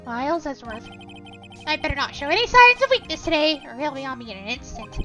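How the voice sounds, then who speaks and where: A woman's voice: high-pitched, sing-song, quick pace, music in the background. A woman doing Phoenix Wright, jumpy young lawyer. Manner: muttering to himself, dramatic outbursts. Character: young male defense lawyer, earnest and jumpy. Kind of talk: fan voice dub of a game.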